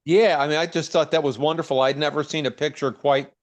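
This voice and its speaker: A man in the audience asking a curious, somewhat halting question. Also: on the high side, steady tone. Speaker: audience member. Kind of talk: asking a question on a video call.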